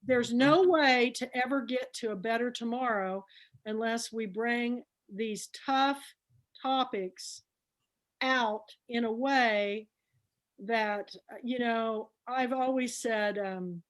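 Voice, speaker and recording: A middle-aged woman telling stories to a group, chatty and animated, acting out what people said. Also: on the high side, slow pace. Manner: chatty, animated storyteller who acts out dialogue. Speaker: book club founder speaking to a group. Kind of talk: storytelling talk.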